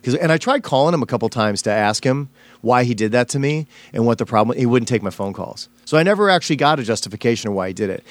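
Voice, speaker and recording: A man's voice: mid-range voice, expressive, quick pace, no echo. Rambling, emotional male comedian, dry close sound. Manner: rambling and emotional, heavy on fillers and restarts. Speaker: stand-up comedian guest. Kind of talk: casual storytelling in a podcast interview.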